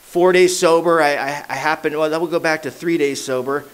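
Man, 30s or older, a bit high-pitched, casual slangy storyteller at a recovery meeting who softens at the heavy moments. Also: steady tone, brisk, clean tone. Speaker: AA meeting speaker. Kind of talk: personal recovery story told to a crowd. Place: meeting hall.

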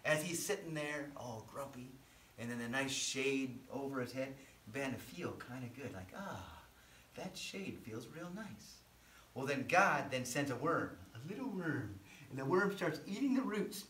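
A man's voice: medium pitch, expressive, normal speed, fairly bright tone, slight background noise. A man leading a children's church service, telling a Bible story in a playful way with sound effects. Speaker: children's pastor. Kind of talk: animated Bible storytelling for kids. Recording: roomy, from mic distance.

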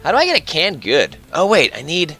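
Playful man with a lively, bouncing voice. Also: on the high side, fairly quick, gravelly, soft background music. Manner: playful, joking, thinking aloud while playing. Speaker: gaming channel host. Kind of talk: casual let's-play chat.

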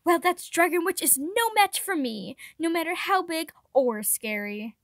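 A woman reading aloud and voicing a gentle, protective young prince who speaks reassuringly. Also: very high voice, animated, unhurried, no room sound, clean studio sound, voice pushed up, heavily acted. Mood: boastful.

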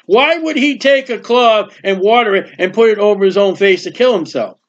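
Emphatic high-voiced man preaching. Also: expressive. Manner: emphatic, repetitive, conversational asides with quick jokes. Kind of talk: verse-by-verse Bible teaching. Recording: dull lo-fi recording.

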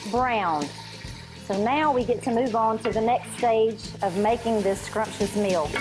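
A woman guest cook explaining a stew recipe step by step with enthusiasm. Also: fairly high pitch. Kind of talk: cooking demonstration. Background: music.

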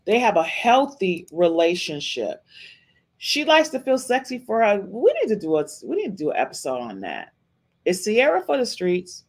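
A woman hosting a podcast, giving casual reaction commentary on a livestream in an emphatic, chatty way and often tossing in a questioning "okay?". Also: mid-range voice. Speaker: podcast host.

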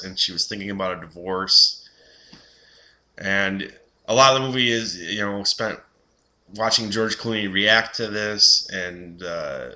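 A man's voice: on the low side, pushed and bright. A young man giving a casual, rambling film review, full of fillers and restarts.

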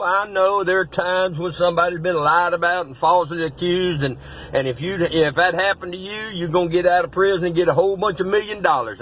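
A middle-aged pastor talks with a high, sharp, ringing voice. He preaches bluntly and folksily, pushing up into shouts. A faint hum of traffic sits behind him. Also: rough recording. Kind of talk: fiery preaching-style pep talk.

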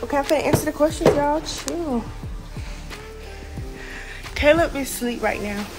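A teenage girl chatting in a casual vlog from her bedroom, gushing, excitable and slangy as she talks to her viewers. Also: sits high, normal speed, over music. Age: teens. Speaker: vlogger.

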